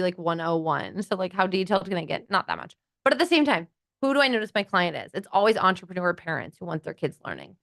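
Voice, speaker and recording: A woman talking as a podcast guest in casual chat, animated and chatty, full of fillers and acted-out quotes. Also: medium pitch, no echo, studio quality.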